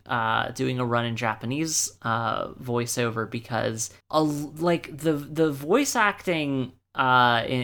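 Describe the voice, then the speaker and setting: Animated co-host, filling talk with "like". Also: medium pitch, clean tone. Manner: animated, heavy use of "like". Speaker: podcast co-host. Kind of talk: casual podcast chat.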